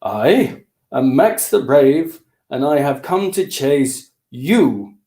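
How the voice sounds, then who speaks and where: A man's voice: mid-range voice, very animated, takes it slowly, dark tone, pitched above the performer's own voice. A man voicing a brave, polite little male kitten in a children's storybook reading, eager and bold.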